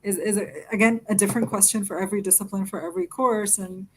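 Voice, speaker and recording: A woman speaking as a panelist in a live webinar discussion over a video call. She talks in an animated way and laughs often as she tells stories. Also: mid-range voice, fast talker, a little hiss or hum, poor audio. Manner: animated, laughs often while telling anecdotes.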